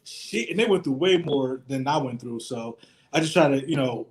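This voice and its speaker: A man's voice: mid-range voice, animated, normal speed, darkish tone. A man from Pennsylvania, a tech worker and veteran, talking earnestly on a panel with many you-knows. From Harrisburg, Pennsylvania. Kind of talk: casual panel chat.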